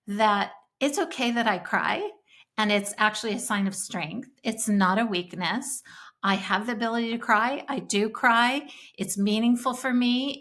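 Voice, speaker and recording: A woman's voice: medium pitch, fairly bright tone. A middle-aged woman co-hosting a faith-based parenting podcast, talking in an earnest, emotional, casual way. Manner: earnest, emotional, speaks of crying easily. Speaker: podcast co-host.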